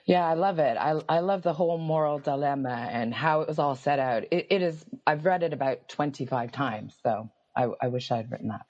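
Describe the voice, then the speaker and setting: A woman's voice: low voice, fairly quick, few pauses, a little mellow. Foreign-sounding woman, dull lo-fi audio. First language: not English. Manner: laughs easily, frank. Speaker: guest author. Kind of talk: casual chat.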